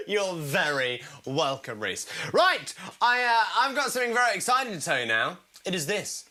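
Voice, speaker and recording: A man's voice: sits high, very animated, normal speed, bright, forceful tone. A British man hosting a live comedy show, chatting and reading out viewer comments in a self-mocking way.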